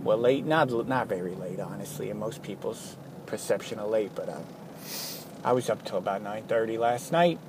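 A man's voice: on the low side, moderate pace. Tired rambling man, traffic noise. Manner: tired, rambling, self-mocking, tangents. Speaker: vlogger. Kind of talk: casual rambling vlog. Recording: steady traffic noise behind.

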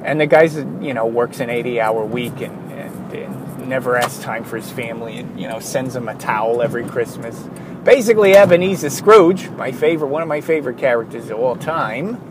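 A man's voice: medium pitch, lively intonation, brisk, background noise. A man hosting a solo podcast, ranting in a worked-up way, often interrupting himself and apologizing. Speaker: podcast host.

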